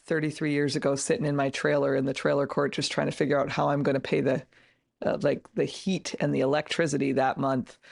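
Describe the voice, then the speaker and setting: Gravelly-voiced middle-aged woman guest. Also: low-pitched, a little mellow, no echo, studio quality. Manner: emphatic and earnest, with many restarts. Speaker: podcast guest, author and entrepreneur. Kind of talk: casual interview conversation.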